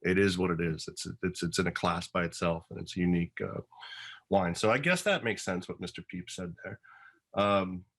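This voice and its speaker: A man with a lowish voice co-hosts a casual, informative wine conversation. He speaks modestly and plays down his own expertise. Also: fairly quick, a bit bright, low-quality recording. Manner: modest, self-deprecating. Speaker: wine show co-host. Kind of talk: casual educational wine chat.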